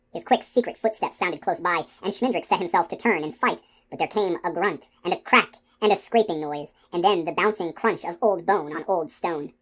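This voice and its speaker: Casting: woman narrator, low-ish soft hushed voice, audiobook reading. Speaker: audiobook reader.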